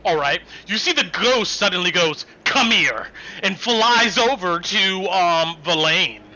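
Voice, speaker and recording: A man's voice: high voice, unhurried, sharp tone, lo-fi sound. A man running a tabletop game as game master over voice chat, narrating with hesitant fillers and restarts.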